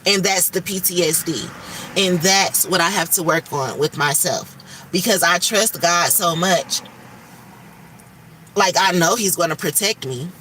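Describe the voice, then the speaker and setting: A woman's voice: lowish voice, measured pace, sharp tone, recorded from a distance, slight background noise. A woman hosting a livestream, talking candidly and emphatically about faith and stress and swearing freely. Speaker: livestream host.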